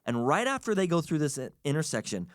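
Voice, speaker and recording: A man hosting a podcast tells a long story in a lively, animated way, with his pitch swinging high and low. He sits a bit high in pitch for a man and plays out the voices of the people he quotes. The recording is close and dry. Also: quick pace, no room sound. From United States. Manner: animated, chatty, acts out quotes. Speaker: podcast host. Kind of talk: casual storytelling.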